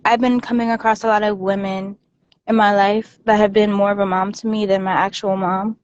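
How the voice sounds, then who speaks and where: A woman's voice: mid-range voice, flat delivery, fairly quick, a little mellow, no echo. A woman calling into a livestream, rambling in casual chat and saying "like" often. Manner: rambling, heavy use of "like". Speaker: guest caller on a livestream. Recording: dull lo-fi call audio with faint noise.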